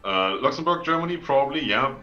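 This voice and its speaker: A man's voice: medium pitch, animated, fast, lo-fi sound, loud music behind the voice. A man co-streaming a strategy game, chatting casually with offhand, wry jokes. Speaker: let's play co-streamer. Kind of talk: casual co-op gameplay chat.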